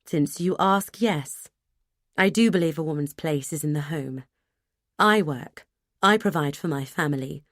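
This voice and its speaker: A woman's voice: low voice, a bit bright, no echo, clean studio sound. Woman doing a cold, menacing husband. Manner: slow, cold and clipped. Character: controlling, menacing 1970s husband.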